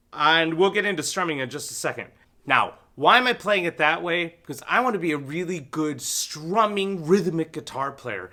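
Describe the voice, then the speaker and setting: A man teaching a beginner guitar lesson, counting beats aloud and singing short lyric lines. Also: sits high. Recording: loud guitar music under the voice.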